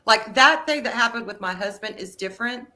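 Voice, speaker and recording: A woman co-hosting a casual chat, lively and laughing often, her voice jumping up high when she gets excited. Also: brisk.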